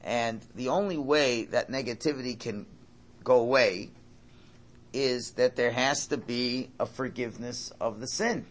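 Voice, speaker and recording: A man's voice: medium pitch, measured pace. A man giving a Torah class lecture, emphatic, often repeating and restarting his phrases. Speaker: Torah teacher.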